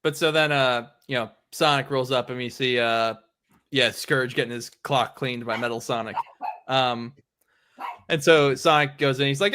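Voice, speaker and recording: A man's voice: mid-range voice, moderate pace, sharp tone, clean tone. A young man hosting a casual podcast chat about comics, retelling the story in a rambling way full of "like" and "um". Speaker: podcast host. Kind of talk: casual comic book discussion.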